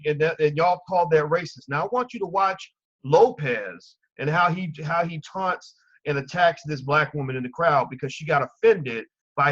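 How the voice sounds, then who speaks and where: A man giving profane, heated live-streamed commentary that swings between calm asides and angry outbursts. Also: on the high side. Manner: animated, profane ranting. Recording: muffled lo-fi stream audio.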